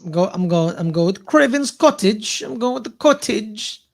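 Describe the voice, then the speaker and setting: A man's voice: sits high, expressive, normal speed, gravelly. Playful, slangy man, podcast guest. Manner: playful, slangy, laughs easily. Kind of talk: casual sports chat.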